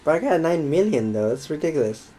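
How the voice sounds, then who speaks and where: A man's voice: on the high side, big pitch swings, fast talker, dark tone, soft background music, rough recording. A young man casually chatting over gameplay as a let's play host, rambling and joking with viewers. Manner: rambling, playful, addresses viewers as folks.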